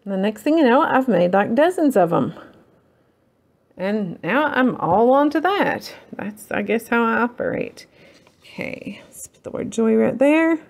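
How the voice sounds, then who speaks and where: A woman's voice: on the high side, expressive, measured pace, darkish tone. A woman hosting a casual crafting tutorial, rambling and self-deprecating as she works. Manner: rambling, self-deprecating, talks while working.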